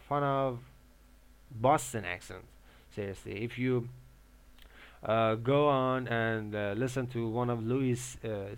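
Halting young man. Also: mid-range voice, fairly bright tone, clear, resonant tone. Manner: halting, with many filler pauses and restarts. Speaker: English learner giving advice. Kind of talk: casual monologue.

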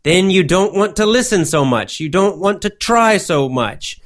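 A man giving a motivational English lesson, speaking slowly in simple words and repeating himself often. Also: sits high, expressive. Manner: slow, simple wording with many repetitions. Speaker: English teacher.

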